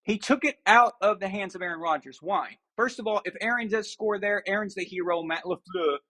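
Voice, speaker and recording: A man's voice: high-pitched, brisk, bright, forceful tone. A man hosting a sports talk show, ranting and sarcastic. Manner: ranting, sarcastic, mocking impressions. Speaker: show host.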